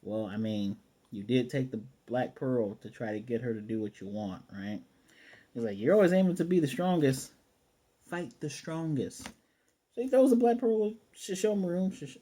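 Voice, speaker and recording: A man giving a casual, excitable episode review in slangy speech, swearing and acting out the scenes as he retells them. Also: mid-range voice, normal speed, breathy edge. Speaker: anime reviewer.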